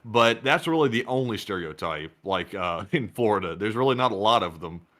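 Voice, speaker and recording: Southern co-host, quick rambling talker, bright, slightly low voice. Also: male voice, lively intonation. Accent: Southern American. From Alabama. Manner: quick, rambling, with frequent fillers. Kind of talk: casual livestream chat.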